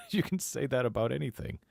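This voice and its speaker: A man's voice: medium pitch, wildly swooping pitch, normal speed, gravelly, darkish tone, slightly rough, no echo, clean studio sound. A man co-hosting a casual podcast, mocking a documentary with sarcastic jokes and frequent laughter. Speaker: podcast co-host. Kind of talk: casual mocking commentary over a video.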